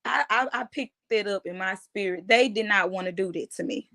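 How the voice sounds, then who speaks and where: A woman, giving a halting, emotional personal account in an interview, often restarting her phrases. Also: medium pitch, creaky, bright, forceful tone. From United States. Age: 30s.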